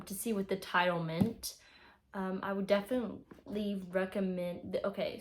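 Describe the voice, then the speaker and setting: A young woman vlogging about a book series she is reading. She talks casually and emotionally, full of fillers. Her voice sits at an ordinary middle pitch for a woman. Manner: chatty and emotional, frequent fillers. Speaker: book reviewer.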